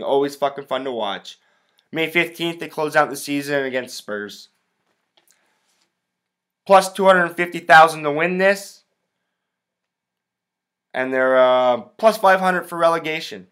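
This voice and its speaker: A man's voice: on the high side, measured pace, pauses often, fairly bright tone. A young American man hosting a podcast, giving a rambling, profane and blunt solo soccer preview in casual talk. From United States. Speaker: podcast host. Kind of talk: casual solo sports commentary.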